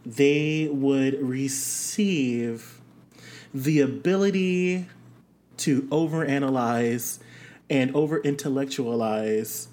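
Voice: medium pitch, darkish tone. A podcast co-host in casual chat, playful and teasing, often stumbling and restarting.

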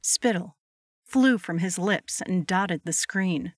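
A woman's voice: fairly low pitch, slow pace, no echo, studio quality. Woman narrating a horror story.

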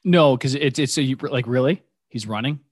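A man co-hosting a casual movie podcast, animated and quick to laugh as he tells stories. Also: mid-range voice, no room sound, studio quality. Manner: animated, laughing, acting out quotes. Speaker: podcast co-host.

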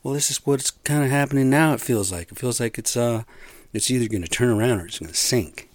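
A man's voice: mid-range voice, fairly quick, no room sound. A middle-aged man venting to his listeners in a casual rant, frustrated and profane, rambling with lots of fillers. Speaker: construction site worker venting.

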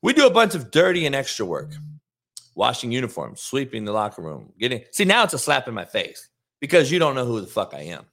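A man's voice: medium pitch, wildly swooping pitch, fairly quick, a bit bright. A man hosting a show as a football coach, ranting bluntly and mockingly with frequent swearing. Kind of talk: casual profane rant.

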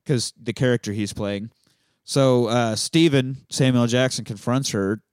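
Man, movie podcast host, casual film recap, profane, chatty, mid pitch, dry close sound. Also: darkish tone, smooth, dry recording. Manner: profane, chatty and quick to laugh, acts out quotes. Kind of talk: casual chat, retelling a film scene by scene.

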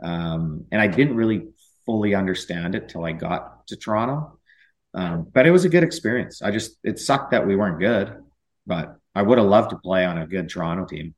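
A man's voice: low voice, normal speed. A man, a former pro hockey player, chatting as a podcast guest and telling rambling stories with many restarts. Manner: rambling storyteller with frequent restarts. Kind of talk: casual chat.

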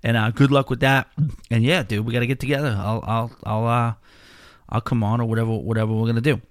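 A male podcast host who talks casually and rambles, often restarting his sentences. His voice sits at a middle pitch, and the recording is dry and close. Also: level tone, quick pace, no echo. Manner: loose and rambling, with many restarts.

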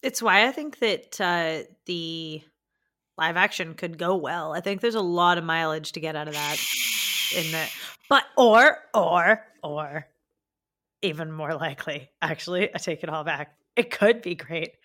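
A woman with a bright, forward tone talks through a film in casual podcast chat. She rambles and circles back, leaning on fillers and second thoughts. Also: sits low, a little slow. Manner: rambling, many "like" fillers, frequent laughter. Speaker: podcast co-host. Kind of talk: casual movie review chat.

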